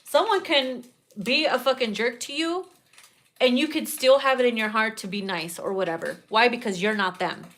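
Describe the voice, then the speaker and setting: Profane, animated tarot reader woman. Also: a little high, normal speed. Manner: blunt, profane and animated, breaks into loud laughter. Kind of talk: casual tarot reading monologue.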